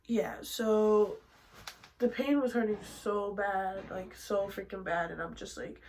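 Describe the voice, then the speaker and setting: A young woman vlogger telling a personal story in casual chat, animated, dropping to hushed asides and then bursting out loud. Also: mid-range voice, unhurried, slight background noise, low-quality recording.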